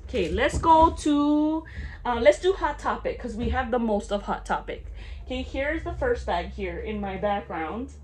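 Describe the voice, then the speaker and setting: A woman's voice: fairly high pitch, a little hiss or hum. Gushing, chatty young woman vlogger. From half Japanese. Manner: gushing and chatty, many okays. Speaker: vlogger showing a bag haul. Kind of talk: casual haul vlog.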